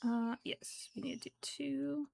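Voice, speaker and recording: A woman streaming her crochet work, talking softly in baby talk to her cat between steps. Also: high-pitched, fairly even intonation, unhurried, gravelly. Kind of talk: casual livestream chat.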